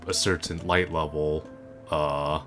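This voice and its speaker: Very deep-voiced man rambling over game music. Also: little pitch movement, slow. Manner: rambling, full of fillers and self-corrections. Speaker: gaming video creator. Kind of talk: casual gameplay commentary. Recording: game music playing underneath.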